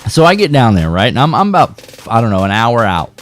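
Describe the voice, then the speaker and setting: A man hosting a fishing podcast, telling a rambling story in a casual, animated way and talking straight to his viewers. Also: medium pitch, fast talker, soft background music.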